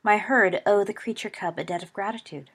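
A woman doing a slow, solemn young centaur. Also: mid-range voice, husky. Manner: slow, measured and formal.

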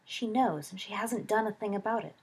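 A woman voicing a brash, hot-tempered teenage schoolboy wizard, heated and hissing, in a husky voice. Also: mid-range voice, fairly quick, darkish tone.

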